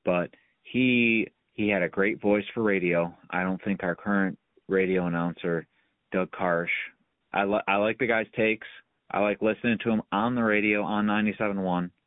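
A man with a deep, low voice hosts a casual sports chat, giving rambling, emphatic opinions. The audio is dry and squeezed like a phone call. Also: steady tone, normal speed, dry recording. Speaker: podcast host.

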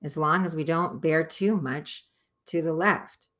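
Woman doing a calm teen boy in charge, reasonable, audiobook. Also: deep voice, unhurried. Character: responsible teenage boy leader. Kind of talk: audiobook character voice.

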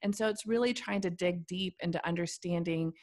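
A woman's voice: on the low side, a little fast, darkish tone. A woman guest in an interview, explaining her branding work in an earnest, thoughtful way, building her points in lists. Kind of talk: conversational interview answers.

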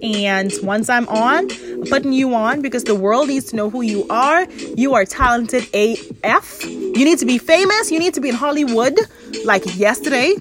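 A woman's voice: a little high, lively intonation, moderate pace, over music. A woman in her thirties hosting her own podcast, talking in a chatty, effusive way with lots of "like" fillers. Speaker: podcast host. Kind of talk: casual solo podcast monologue.

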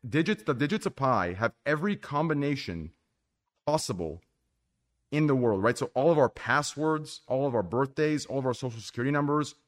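A man's voice: mid-range voice, lively intonation, a little fast. A man hosting a casual group podcast, joking and rambling as he introduces guests. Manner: joking, rambling, trails off and restarts. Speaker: podcast host.

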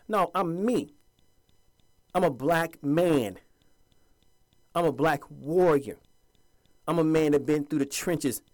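Fiery, animated man preaching. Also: medium pitch. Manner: preachy, fiery, mocking voices of others. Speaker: commentator addressing viewers. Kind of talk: impassioned monologue.

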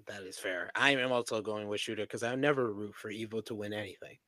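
A man's voice: fairly low pitch, fairly even intonation, quick pace, bright, forceful tone, dry recording. A man hosting a casual wrestling podcast, reading out the matches and asking each co-host for a pick. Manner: runs the show, reads out matches and asks each co-host for picks.

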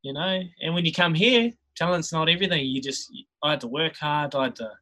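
A man's voice: on the high side, brisk, pushed and bright, low-quality recording. A man in his thirties with a New Zealand accent, a rugby player guest telling stories in a laid-back, chuckling way. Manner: laid-back, chuckles often, many restarts. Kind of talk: casual storytelling chat.

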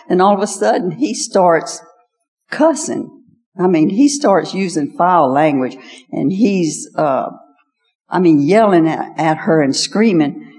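A woman's voice: lowish voice, animated, unhurried, a little mellow, in a large hall. An older woman giving a folksy personal testimony as a guest speaker at an evening women's gathering. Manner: folksy storytelling, repeats "I said". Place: large hall at an evening event.

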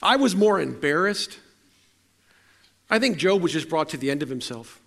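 High-voiced preacher telling stories. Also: male voice, animated, moderate pace, gravelly, a bit bright. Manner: conversational and self-deprecating, with frequent restarts. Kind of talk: storytelling sermon.

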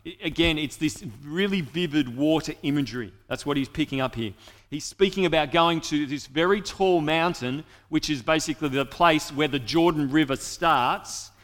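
A man's voice: a little high, moderate pace, fairly bright tone, long reverb tail. A man preaching a sermon in an earnest way, speaking directly to his listeners.

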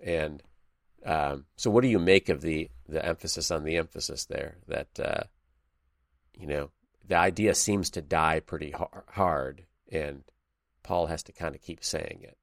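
Man, very low voice, gravelly, dry sound, thoughtful bible study host. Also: unhurried, dry recording. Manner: thoughtful, reads scripture aloud, many fillers. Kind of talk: casual conversational Bible discussion.

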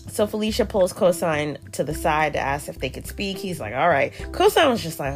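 A woman's voice: fairly low pitch, normal speed, faint music behind. A woman hosting a podcast, giving a casual, sassy review full of slang and frequent laughter. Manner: animated and sassy, laughs often, uses slang. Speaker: podcast host reviewing a reality show. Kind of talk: casual commentary.

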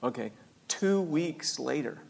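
An older man with a fairly high voice tells a personal story earnestly. His words ring with a long hall reverb. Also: animated, slow, creaky, a little mellow. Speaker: speaker sharing a faith story.

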